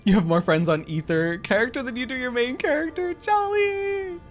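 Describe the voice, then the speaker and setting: A woman's voice: high-pitched, expressive, normal speed. A woman streaming a game, chatting playfully and goofily with her viewers. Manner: playful, goofy, chats with viewers. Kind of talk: casual livestream chat while gaming. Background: game music.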